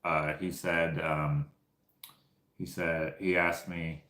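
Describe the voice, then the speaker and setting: A man's voice: rumbling low, level tone, takes it slowly, pushed and bright. A man hosting a casual livestream chat, telling rambling stories with many fillers and restarts. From Canada. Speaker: livestream host. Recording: roomy echo.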